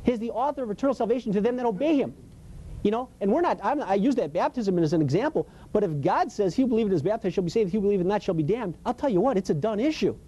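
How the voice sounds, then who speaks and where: Preacher, male, high mellow voice, casual and emphatic sermon delivery. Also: lively intonation, rapid-fire, a little hiss or hum. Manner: storytelling, emphatic, colloquial, laughs often. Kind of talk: conversational sermon.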